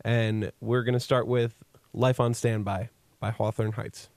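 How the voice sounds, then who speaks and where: A man's voice: fairly low pitch, little pitch movement, darkish tone, no room sound. A man co-hosting a casual chat show, teasing his co-host and announcing the next music block. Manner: teasing, quick interjections. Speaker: co-host, radio-style show host.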